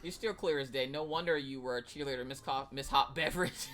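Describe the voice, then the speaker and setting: A woman's voice: rumbling low, fairly quick, fairly bright tone. A woman hosting a live stream from home, chatting casually and bantering with lots of giggles. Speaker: streamer and host. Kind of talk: casual chat while crocheting on a live stream. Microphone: desk microphone.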